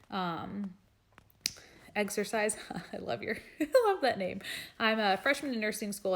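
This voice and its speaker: A young adult woman, a nurse practitioner, reading out viewers' questions in a live stream and answering them in a frank, chatty way. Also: lowish voice. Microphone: phone or webcam for a live stream.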